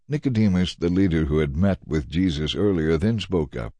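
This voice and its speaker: A man narrating a dramatized Bible reading with expressive delivery, shifting into voices for the characters. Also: low voice, normal speed, few pauses, dry recording. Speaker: scripture reader.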